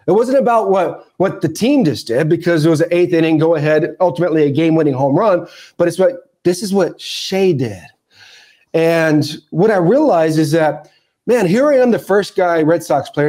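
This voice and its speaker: High-voiced man telling a lively story. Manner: animated, acts out shouts and quoted lines. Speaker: podcast guest, former ballplayer. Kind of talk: storytelling interview.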